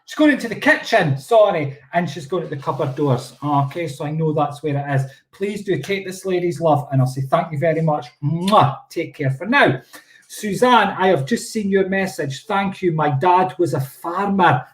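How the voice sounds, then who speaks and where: A man's voice: a little high, normal speed, echoey room. A man working as a psychic medium, giving chatty, playful live-stream readings and often checking in with "okay?".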